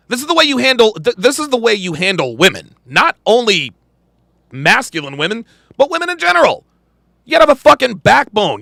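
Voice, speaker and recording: Emphatic gravelly man ranting. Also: high-pitched, sharp tone, no echo. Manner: profane, emphatic, repeats lines. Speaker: podcast host reacting to a clip. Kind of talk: reaction commentary.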